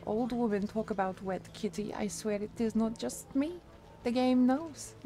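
A woman's voice: on the high side, a little slow, mellow. A woman streamer putting on a thick fake Russian accent, dropping articles in her game chatter. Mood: mock-serious. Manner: broken grammar, dropped articles.

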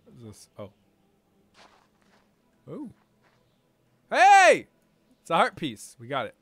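Excitable, bright-voiced young man streaming. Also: medium pitch, quick pace. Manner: excitable, swearing, reacting loudly to the game. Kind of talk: live game-stream commentary.

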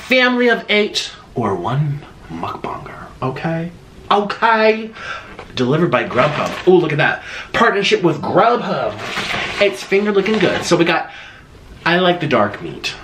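A man's voice: medium pitch, a bit bright, reverberant, slight background noise. A man hosting a casual eating vlog in a playful, theatrical, sing-song manner. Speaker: mukbang host.

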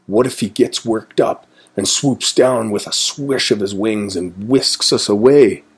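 Man, storybook reading, low voice, very slow and clear. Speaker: storybook reader. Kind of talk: children's storybook read-aloud.

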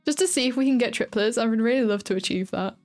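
A woman's voice: on the high side, fast talker, a little mellow, faint music behind. A tired woman with a chatty, giggly, rambling manner, casually commenting on her gameplay as a streamer.

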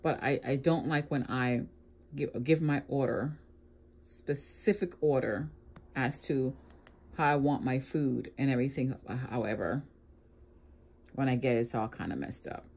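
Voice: medium pitch, measured pace, a little mellow. A reaction video host commenting on a clip in a sarcastic, lecturing way.

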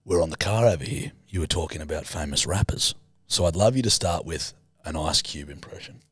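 A man's voice: very deep voice, brisk, a bit bright, breathy edge, no echo. A man from Australia co-hosting a comedy podcast, judging impressions in a teasing, mock-grumpy way and laughing often. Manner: teasing, mock-grumpy game judge who laughs a lot. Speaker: podcast co-host. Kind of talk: casual comedy chat.

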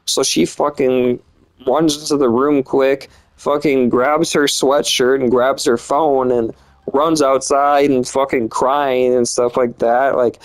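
A man's voice: medium pitch, steady tone, slow, low-quality recording. A young man telling a personal story in a loose, rambling way, swearing often and filling gaps with "like" and "and stuff.". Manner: rambling and profane, lots of fillers. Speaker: vlogger. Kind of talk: casual storytime monologue.

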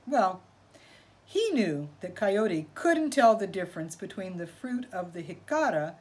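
A woman telling a folk tale from a picture book in an expressive way, stopping to ask her listeners questions. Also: mid-range voice, measured pace. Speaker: storyteller. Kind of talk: reading a picture book aloud.

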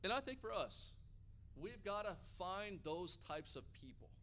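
A man from Hawaii preaching a sermon, an energetic, animated storyteller. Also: high-pitched, a little slow, slight background noise. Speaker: pastor.

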